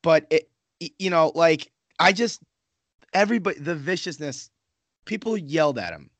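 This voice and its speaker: A man with a slightly higher voice talks hockey casually, rambling on with frequent profanity and self-interruptions. His sound is dry and close, with no room around it. He keeps circling back to restate his points. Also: expressive, normal speed, a bit bright, no room sound. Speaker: Islanders fan in a hockey podcast discussion.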